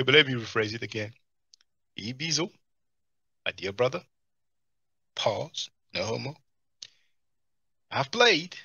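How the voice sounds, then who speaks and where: Guy streaming and reacting to clips, husky and bright, dull dry sound. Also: medium pitch, no room sound. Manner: mocking, animated, answers chat comments. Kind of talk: live-stream commentary.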